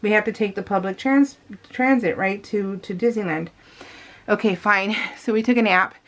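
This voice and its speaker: A woman's voice: medium pitch, moderate pace. A woman telling a long story in a casual, rambling voice-over for her scrapbooking video, talking straight to her viewers with many fillers and restarts. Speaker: scrapbooking vlogger.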